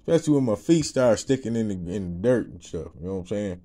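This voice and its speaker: A man speaks casually to a crowd of listeners, telling a personal testimony. His voice is mellow and relaxed, and he breaks into laughter often. He rambles in slang and keeps asking "you know what I'm saying". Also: fairly low pitch, quick pace. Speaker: ministry speaker.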